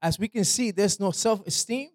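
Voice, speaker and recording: A high-voiced man at a moderate pace gives a loose, slangy sermon with no room sound. He speaks conversationally, often asking listeners "right?" and tossing "man" into his talk.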